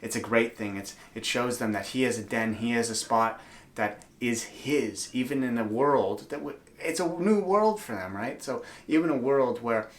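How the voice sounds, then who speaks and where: Brief: casual male vlogger, mid-pitched, upbeat and chatty, earnest home-video delivery. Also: normal speed. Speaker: dog owner vlogger. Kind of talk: casual vlog talk to camera. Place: room at home.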